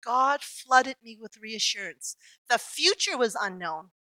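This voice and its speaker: A woman preaching a sermon, telling a personal story in an earnest, reflective way with slow emphatic pauses. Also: fairly high pitch, expressive, bright, forceful tone, dry recording, rough recording.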